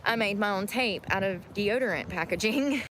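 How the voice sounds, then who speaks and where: A woman's voice: medium pitch, normal speed, a bit bright. Rambling woman amid traffic noise. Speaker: live streamer. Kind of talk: casual chat.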